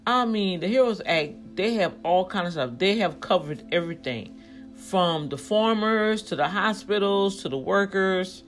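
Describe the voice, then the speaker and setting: A woman's voice: medium pitch, expressive, a little slow, faint music behind. Woman, vlogger, casual commentary, rambling, emphatic, talks to viewers. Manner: rambling, talks things through aloud, addresses viewers directly; emphatic when riled up.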